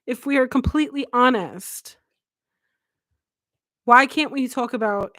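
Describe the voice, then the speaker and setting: A woman's voice: a little high, unhurried, long pauses, fairly bright tone, no room sound, clean studio sound. A woman hosting a live podcast, speaking candidly and emotionally and swearing freely. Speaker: podcast host.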